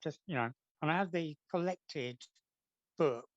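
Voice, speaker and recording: A man's voice: a little high, a little slow, no echo, lo-fi sound. A man, a comic artist guest, chatting casually and telling rambling anecdotes, acting out what people said.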